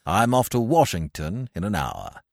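Man putting on a silly young upper-class toff, drawling, low and lively. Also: moderate pace, vocal fry, no room sound, studio quality, heavily acted. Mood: chummy. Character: foolish young English toff, cheerful and huffy.

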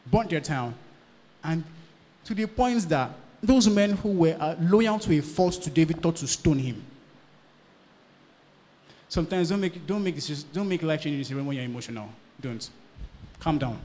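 A male pastor preaches in a somewhat high voice, rising to loud bursts and dropping to hushed lines. He keeps checking in with his listeners as he goes. His voice rings with the long reverb of a large hall. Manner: preaching with sudden swings from loud to hushed, repeated questions to the congregation. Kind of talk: sermon.

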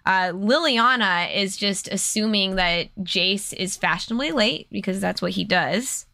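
A woman's voice: medium pitch, a little slow, creaky, sharp tone, no echo. A woman co-hosting a casual recap show, talking emotionally and laughing about the story. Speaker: co-host recapping story lore. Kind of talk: casual chat.

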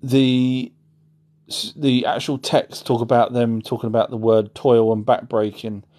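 A man's voice: mid-range voice, little pitch movement, unhurried, a little mellow. A man hosting a casual livestream, answering chat in a rambling way and often correcting himself. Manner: rambling, self-correcting, apologetic asides.

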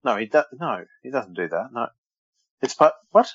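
A man's voice: mid-range voice, very animated, normal speed, a bit bright, husky, no echo, lo-fi sound. A man co-hosting a wrestling podcast in casual chat, joking and teasing, often stumbling over names. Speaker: podcast co-host.

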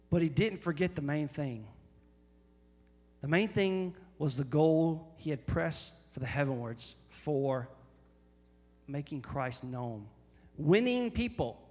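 A man preaching a sermon as pastor, emphatic and repetitive, often rising to loud, high exhortation. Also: slightly rough, long reverb tail.

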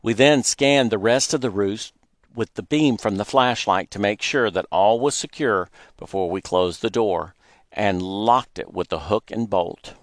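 A man's voice: fairly low pitch, no room sound. Man telling a childhood story, dry sound. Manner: plain, unhurried storytelling. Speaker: narrator. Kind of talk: storytelling, memoir reading.

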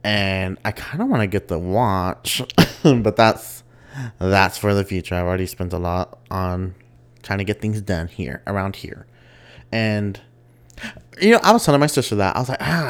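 A young man hosting a casual solo podcast, chatty and quick to laugh as he tells stories. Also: low voice, clear, resonant tone. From West Texas. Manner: chatty, giggly, animated storytelling. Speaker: podcast host.

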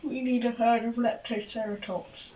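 A woman's voice: on the high side, little pitch movement, normal speed, mellow. A woman co-host chiming in with amused quips during a story. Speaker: co-host listener. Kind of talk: casual chat. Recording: dull lo-fi sound.

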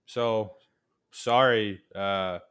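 A young man co-hosting a casual sports podcast, sarcastic and rambling, dropping into low mumbled asides. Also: steady tone, drawn-out words, a bit bright, clean tone.

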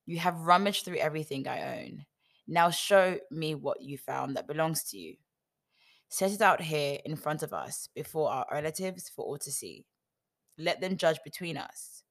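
A woman reading the lines of an aggrieved male herdsman who defiantly lists his years of hard work. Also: deep voice.

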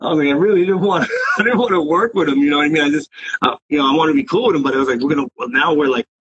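A man's voice: on the high side, rapid-fire, a bit bright, slightly rough, no room sound, lo-fi sound. A man telling stories in a casual interview, swearing and filling his talk with "you know what I mean". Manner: rambling, profane street talk with many fillers. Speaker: interview guest, graffiti writer.

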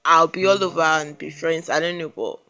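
Nigerian woman ranting about her day on her podcast, lively and fed up, soft guitar playing behind. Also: deep voice, fairly quick. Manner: animated, exasperated, repeats herself for emphasis. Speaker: podcast host. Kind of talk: casual personal storytelling monologue.

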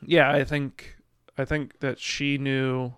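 A man's voice: medium pitch, little pitch movement, slow pace, a bit bright, clean tone, no room sound, clean studio sound. A man co-hosting a podcast, discussing a novel in a reflective, hesitant way with many restarts. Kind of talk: casual book discussion.

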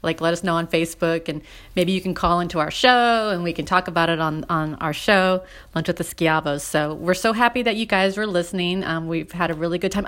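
A woman's voice: lowish voice, a little fast, fairly bright tone. A woman co-hosting a podcast, chatting in an upbeat way and laughing easily. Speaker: podcast co-host. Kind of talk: casual chat.

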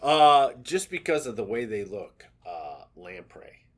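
A man's voice: medium pitch, sing-song, measured pace. A man co-hosting a casual podcast chat, rambling, swearing freely and laughing often. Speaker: podcast co-host.

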